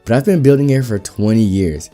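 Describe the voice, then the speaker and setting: A man voicing a big, easygoing immigrant builder who speaks calmly and politely with a thick foreign accent. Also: lowish voice, a little fast, faint music behind, close to an everyday voice. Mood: calm, firm. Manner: calm, polite, unruffled.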